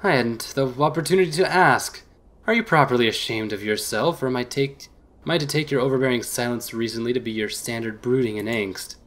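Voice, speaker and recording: A man voicing a flippant, showy male gentleman in a visual novel game, speaking in a teasing, grandly formal way. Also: mid-range voice, fairly quick, natural voice. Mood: mocking.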